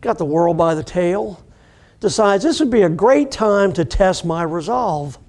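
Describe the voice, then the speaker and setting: Middle aged guy, pretty high voice w some gravel, telling a recovery story in a lesson, does the voices of people in it. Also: lively intonation, unhurried, a little mellow. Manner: conversational, acts out the people in his stories. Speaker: addiction recovery instructor. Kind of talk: storytelling lecture.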